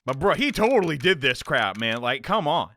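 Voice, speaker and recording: Goofy gamer guy, let's play commentary, very lively voice, bright. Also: on the high side, moderate pace, a little hiss or hum. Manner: goofy, animated. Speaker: gaming YouTuber.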